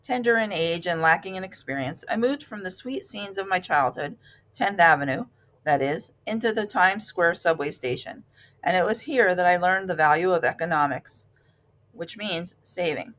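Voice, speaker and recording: A stingy little mouse who is given to melodrama, pleading in a high, pitiful voice as he clings to his savings, as a woman reads him aloud. It is a storybook read-aloud with a fairly low-pitched reader behind it. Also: normal speed, fairly bright tone, close to an everyday voice. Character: fussy, dramatic, stingy male mouse.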